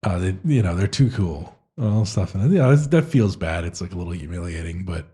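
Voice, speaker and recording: A man's voice: sits low, animated, fairly quick, dark tone, slightly rough. A man co-hosting a casual tabletop-gaming chat, talking in a hesitant, self-deprecating way with many restarts. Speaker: podcast co-host and game master.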